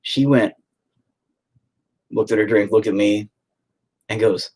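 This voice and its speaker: A man's voice: fairly low pitch, steady tone, takes it slowly, long pauses, a little mellow. A man chatting casually on a phone livestream from home, rambling and swearing freely as he tells stories. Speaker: livestreaming painter.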